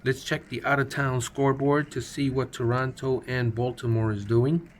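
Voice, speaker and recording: A man's voice: mid-range voice, flat delivery, normal speed, a little hiss or hum. A man hosting a gaming video, giving casual, playful play-by-play of a baseball simulation game. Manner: playful, jokey, chatty commentary. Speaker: gaming channel host.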